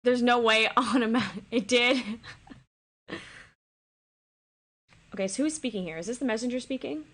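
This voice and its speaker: A woman's voice: a little high, moderate pace, pauses often, fairly bright tone. A woman streamer chatting casually as she rehearses a play, paraphrasing loosely with lots of "like" and "basically".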